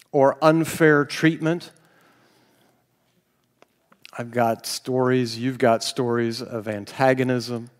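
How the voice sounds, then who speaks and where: A male pastor preaching a sermon, telling stories with self-deprecating humor and laughing now and then. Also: medium pitch. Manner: storytelling, self-deprecating, laughs while speaking. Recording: long hall reverb.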